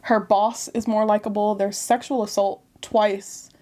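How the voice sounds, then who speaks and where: A woman chatting casually to camera as she reviews a book, animated and talkative, often laughing between remarks. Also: mid-range voice, measured pace.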